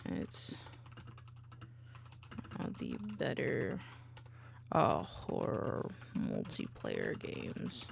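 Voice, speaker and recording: Casual bubbly streamer lady rambling to chat at her desk, swoopy lively voice. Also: rumbling low, drawn-out words, vocal fry, pauses often, background noise. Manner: bubbly, rambling, chatty with viewers. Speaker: VTuber streamer. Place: home desk by a window. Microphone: desk mic on a boom arm.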